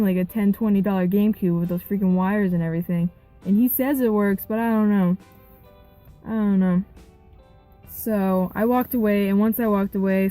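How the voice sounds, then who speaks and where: Young woman, mellow warm tone, rambling casual storytelling, faint music underneath. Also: mid-range voice, low-quality recording. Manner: rambling, animated retelling with quoted dialogue. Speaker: gaming vlogger.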